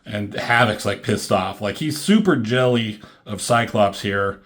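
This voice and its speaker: A man's voice: on the low side, unhurried, fairly bright tone. A man casually reviewing a comic book, rambling and swearing freely, with lots of ums and likes. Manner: rambling and profane, many fillers like "um" and "like".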